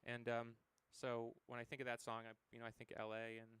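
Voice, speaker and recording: Rambling fast-talking American man. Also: mid-range voice, completely flat delivery, fairly bright tone, clean tone, dry recording. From United States. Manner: rambling storyteller, many fillers and acted quotes. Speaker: interview guest, musician. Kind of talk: casual interview conversation.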